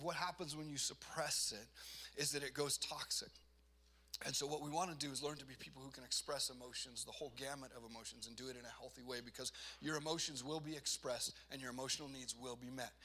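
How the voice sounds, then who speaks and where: A man's voice: mid-range voice, pushed and bright. A man giving a personal testimony sermon, earnest and self-deprecating, building to emphatic, rising delivery. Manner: self-deprecating, laughs at himself.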